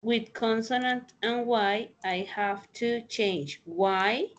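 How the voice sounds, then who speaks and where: A woman teaching an English grammar lesson over a video call, explaining slowly and deliberately. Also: fairly high pitch, muffled recording. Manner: slow, deliberate explanations with Spanish translations. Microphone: computer mic in a video call.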